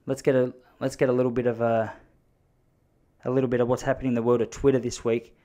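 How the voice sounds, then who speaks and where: A man in his thirties talks alone into his podcast mic, rambling from thought to thought. He jokes and pokes fun at himself. His voice sits at an ordinary middle pitch. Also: flat delivery, fast, warm tone. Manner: rambling, self-mocking, jokey asides. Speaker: podcast host. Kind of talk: solo podcast monologue.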